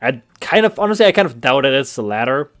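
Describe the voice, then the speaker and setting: A man's voice: mid-range voice, sing-song, fast talker, fairly bright tone. A man from Germany, rambling and swearing in casual game-stream commentary. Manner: rambling and profane, many restarts. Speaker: gamer streamer. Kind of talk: let's play commentary.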